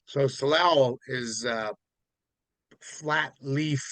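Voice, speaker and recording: A man's voice: medium pitch, drawn-out words, no room sound. A man from Vancouver Island, Canada, telling a story in a casual, rambling way as an interview guest. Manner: rambling, relaxed, many fillers.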